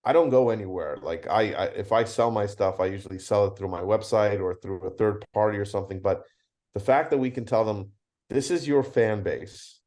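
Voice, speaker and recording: In a relaxed interview, a middle-aged convention founder shares stories and acts out the conversations in them with animation. His voice is lowish and his pace moderate.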